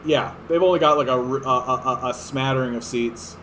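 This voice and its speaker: A man's voice: mid-range voice, normal speed, pushed and bright, slight background noise. A man giving a sarcastic, profane, exasperated rant of political commentary. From Canada.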